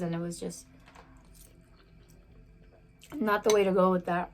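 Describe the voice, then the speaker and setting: A young woman in her twenties chats through a personal story for her vlog, mixing bites and sips into the talk. She rambles in a friendly way and leans hard on "like" and "you know," with her voice at an ordinary middle pitch. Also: fairly even intonation, normal speed, long pauses. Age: 20s. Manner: chatty, lots of "like" fillers. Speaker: vlogger. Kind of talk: casual storytime while eating.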